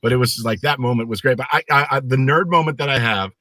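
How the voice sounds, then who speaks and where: Animated middle-aged man telling a story. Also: mid-range voice, fast talker, dry recording. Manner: animated storyteller who acts out the voices in his anecdotes. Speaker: guest. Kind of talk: casual chat on a live stream.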